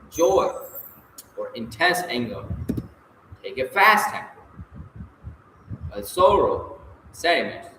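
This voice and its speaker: Slow, lively man answering textbook questions. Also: mid-range voice, a little hiss or hum. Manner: casual, self-correcting, talks to himself. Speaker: self-study reader. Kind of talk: reading and answering textbook exercises aloud. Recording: echoey room with faint ambience.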